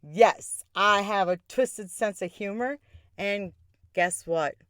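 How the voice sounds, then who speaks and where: A woman's voice: mid-range voice, takes it slowly, a bit bright, no room sound, studio quality. A woman hosting a podcast, telling a personal story in a candid, sarcastic way, often breaking into laughter. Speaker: podcast host. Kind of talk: casual storytelling.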